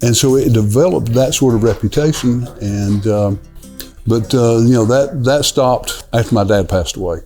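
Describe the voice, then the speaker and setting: A middle-aged man speaks in a warm, mellow tone at a mid pitch. He tells stories in an unhurried, rambling way, stopping for "uh" and restarting sentences, as if sitting with a guest in his own restaurant. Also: soft background music. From Newport, Tennessee. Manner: rambling, easygoing, many fillers and restarts. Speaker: restaurant owner, son of the founder. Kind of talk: casual storytelling interview. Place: inside a dim windowless restaurant.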